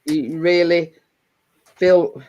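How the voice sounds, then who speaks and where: A woman's voice: on the low side, fairly even intonation, very slow, darkish tone, highs cut off. A woman hosting a casual livestream, chatting to her viewers in a rambling way with lots of restarts and fillers. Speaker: livestream host. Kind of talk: casual live chat to viewers.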